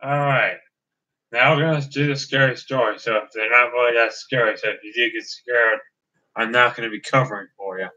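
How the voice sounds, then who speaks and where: This gaming video host has a pushed, bright voice in the middle range. He hosts a laid-back let's-play, wandering off track and constantly restarting sentences, and the audio sounds dull and lo-fi.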